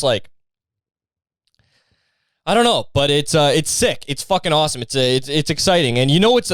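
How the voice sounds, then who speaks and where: A man's voice: medium pitch, clear, resonant tone, dry recording. A man hosting a comedy podcast, rambling loosely and swearing often. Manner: rambling and profane, lots of fillers. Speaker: podcast host.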